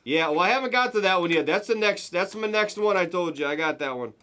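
A man hosting a live card break, giving excited running commentary as he opens packs and chats with viewers. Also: high voice, quick pace.

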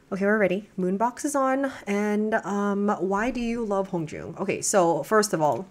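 A woman's voice: mid-range voice, lively intonation, moderate pace, hardly any pauses. A young woman reaction streamer chatting at home, gushing and rambling with many restarts. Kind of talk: casual chat.

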